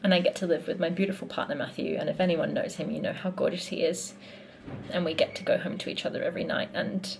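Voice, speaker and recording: Gushing young woman, slightly low voice. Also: level tone, normal speed, vocal fry, slight background noise. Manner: gushing, heartfelt and chatty. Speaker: musical theatre performer. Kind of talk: casual vlog chat.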